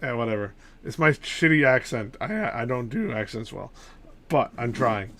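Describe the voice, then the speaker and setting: Bright-voiced man chatting at a game table. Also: mid-range voice, expressive, normal speed, slight background noise. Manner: self-mocking, rambling. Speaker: player. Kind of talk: casual tabletop game chat.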